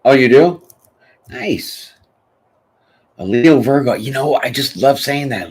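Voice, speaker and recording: A man's voice: medium pitch, animated, slow pace, long pauses, a little mellow, breathy edge. A man hosting a tarot channel, chatting casually and rambling through a live question session, often tossing in "you know what I'm saying". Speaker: tarot reader host.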